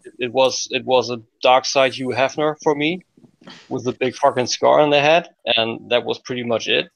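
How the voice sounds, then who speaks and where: A man on a podcast panel, chatting casually and thoughtfully with many fillers and pauses. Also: medium pitch, fairly even intonation, gravelly, fairly bright tone, no echo. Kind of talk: casual chat. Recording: dull dry sound.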